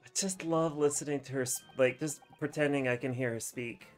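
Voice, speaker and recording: A man's voice: medium pitch, brisk, faint music behind. A man giving casual, chatty commentary while playing a game, reacting freely and swearing. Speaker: let's play streamer.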